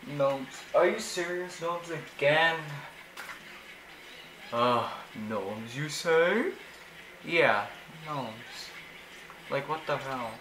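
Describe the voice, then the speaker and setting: A young man giving casual, excitable commentary while he plays a video game, often exclaiming in frustration. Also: medium pitch, extremely slow, long pauses, noisy background. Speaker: gaming YouTuber.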